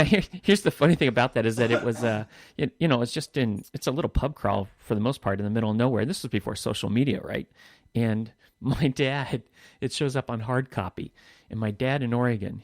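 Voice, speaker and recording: A man co-hosting a podcast, telling anecdotes in an animated way and acting out the voices he quotes. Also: mid-range voice, no room sound, studio quality. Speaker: podcast co-host. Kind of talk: casual storytelling chat.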